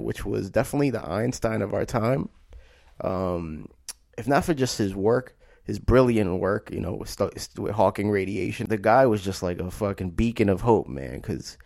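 Male podcast host, low gravelly voice, laid-back and profane, dry close-mic sound. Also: a little mellow, no echo. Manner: laid-back, loose, swears freely. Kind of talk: casual solo podcast monologue.

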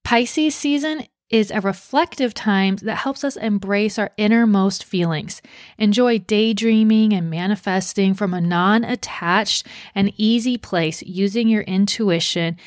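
Young female podcast host, scripted and upbeat, mid pitch, dry close mic. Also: dry recording. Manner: upbeat, playful asides.

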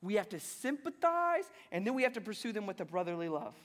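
High-voiced pastor preaching in a reverberant hall. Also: male voice, very animated, quick pace, a bit bright. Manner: playful, self-deprecating storytelling between points. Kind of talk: sermon.

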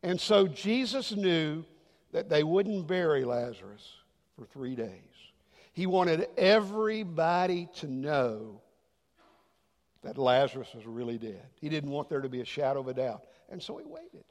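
High-pitched pastor guy preaching, gets loud then goes almost whispery, big echoey church hall. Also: very animated, a little slow. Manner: dynamic preaching, swings from loud emphasis to hushed near-whisper. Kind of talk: sermon.

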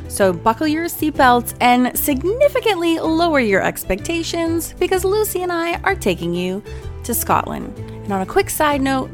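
American woman co-host, higher lively voice, bubbly chatter, faint music under it. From United States. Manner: bubbly, animated, laughs and restarts sentences. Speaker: podcast co-host. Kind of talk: casual chat.

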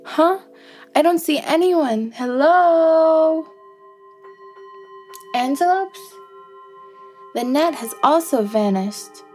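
A bubbly, stubborn young antelope girl, as a woman puts her on in a musical bedtime story. She coaxes and whoops in a fairly high voice, unhurried, with soft chiming music faint behind. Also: expressive. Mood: playful. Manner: bubbly and coaxing, with whoops and giggles. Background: soft music with chimes.

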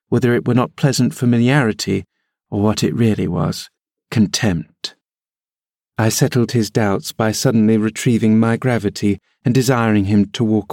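A man reading a classic novel aloud as an audiobook, measured and expressive, shifting his voice for the characters. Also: lowish voice, no echo, studio quality. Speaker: audiobook reader.

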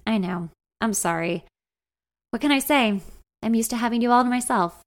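A woman voicing a young man, an old friend who teases softly and sounds a little nervous. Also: fairly high pitch, normal speed, close to an everyday voice. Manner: soft, teasing, a bit nervous.

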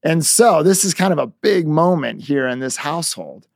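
A man coaching on negotiation through an animated story told as a lesson. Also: fairly high pitch, normal speed, vocal fry, no room sound, studio quality.

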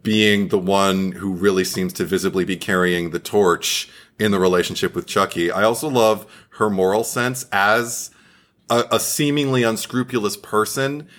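Male co-host, animated and giggly, lowish voice, casual chat. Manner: animated, laughs often, quick to enthuse. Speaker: podcast co-host.

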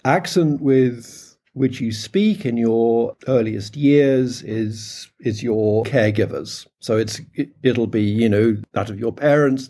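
A man's voice: mid-range voice, warm tone. A middle-aged man with a British English accent, answering interview questions in a hesitant way with many ums and restarts. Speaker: phonetics researcher, interviewee.

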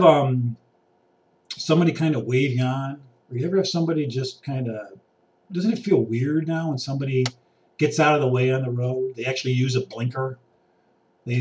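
A man's voice: medium pitch, a little mellow, distant mic. A man ranting casually outdoors, sarcastic, acting out impatient people. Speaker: vlogger. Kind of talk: casual rambling monologue. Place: outdoors by water.

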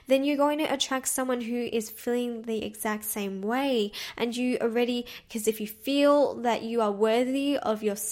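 A woman's voice: fairly high pitch, a little mellow. A woman hosting a solo podcast, talking in a chatty, upbeat way, often saying "like" and laughing off her slips of the tongue. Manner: frequent filler "like". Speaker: podcast host.

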